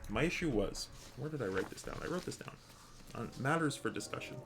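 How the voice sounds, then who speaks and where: A man's voice: mid-range voice, animated, brisk, fairly bright tone. A man streaming a game, chatting casually with viewers in a rambling, hesitant way with many restarts. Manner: chatty with viewers, reads chat aloud. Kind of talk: casual live-stream chat.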